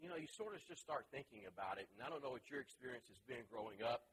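A man's voice: medium pitch, expressive, quick pace, a bit bright, a little hiss or hum, low-quality recording. A man teaching a church Bible class in a chatty, storytelling way, full of asides and fillers. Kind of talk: casual teaching talk.

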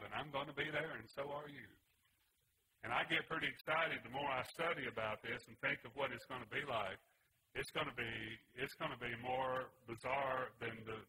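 A pastor preaching a sermon, earnest and emphatic, with slow deliberate pauses and rhetorical questions to his congregation. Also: medium pitch, sharp tone, a little hiss or hum, rough recording.

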